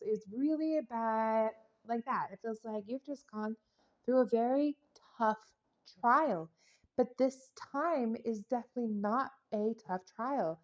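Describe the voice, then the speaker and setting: A woman's voice: on the high side, unhurried, muffled recording. A woman giving a casual tarot reading, chatty and playful, rambling into jokes and silly sound effects. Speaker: tarot reader.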